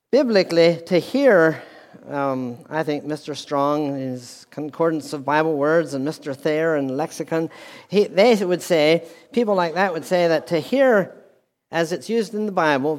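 Male pastor, sermon, slow deliberate delivery, slightly high voice, long hall reverb. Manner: deliberate preaching with repeated phrases and restarts. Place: church hall with a speaker system.

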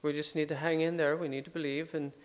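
A man's voice: a little high, flat delivery, quick pace. A man giving an informal Bible study, talking things over conversationally with fillers and restarts. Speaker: Bible teacher.

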